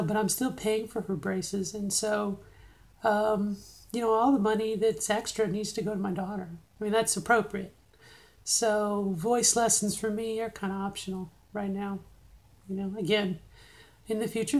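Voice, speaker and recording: A middle-aged woman talking in a casual video diary, halting and full of fillers as she speaks in a deliberately higher register. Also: low-quality recording. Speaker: video diarist.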